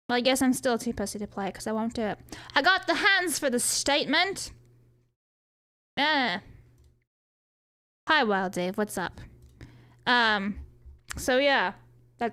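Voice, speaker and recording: High-voiced, profane woman streamer. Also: a bit bright. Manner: joking, profane, chatty; reads viewer chat aloud and answers. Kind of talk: casual live-stream chat.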